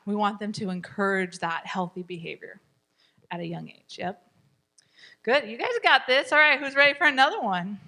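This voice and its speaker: A woman's voice: medium pitch, bright, forceful tone. A woman teaching a parenting class, encouraging her students and acting out what parents and children say.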